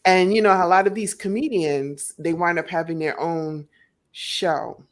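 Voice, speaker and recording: A woman's voice: fairly low pitch, unhurried. A woman hosting a casual interview, chatty as she asks her guest questions. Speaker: interview host.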